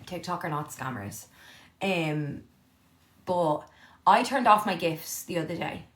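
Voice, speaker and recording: Her voice sits on the low side, animated and fairly bright. She's a young woman livestreaming from her living room, casually going through viewer comments and responding with candor and plenty of swearing.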